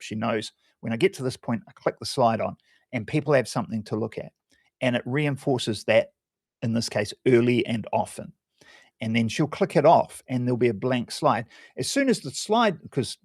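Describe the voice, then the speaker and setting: A man coaching on public speaking over a community call, walking through a talk in a loose, conversational way. His voice sits at an everyday middle pitch and sounds dry and close, with no room around it. He often hesitates and restarts phrases as he explains. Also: darkish tone, no echo.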